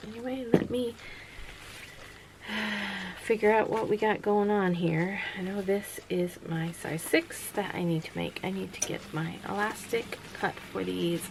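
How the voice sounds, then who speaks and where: A woman's voice: mid-range voice, unhurried, background noise. A tired woman chatting casually and rambling at home late at night, with lots of fillers and restarts. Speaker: vlogger running a small sewing business. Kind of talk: casual chat. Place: home workroom.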